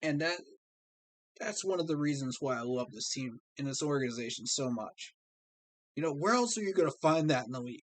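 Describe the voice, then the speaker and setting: A man talks straight to his livestream viewers, earnest and heartfelt, tacking "man" onto his sentences. His voice sits a little high for a man. The sound is dry and close, with no room echo. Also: lively intonation, brisk. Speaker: fan streamer host. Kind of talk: livestream talk to fans.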